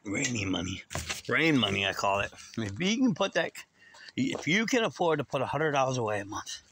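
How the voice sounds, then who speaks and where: A man talking casually to his viewers, drifting from one thought to the next. His voice sits at an ordinary middle pitch, and he speaks in a loose, rambling way. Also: very animated, moderate pace, fairly bright tone, slight background noise. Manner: rambling, talks straight to viewers. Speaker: vlogger.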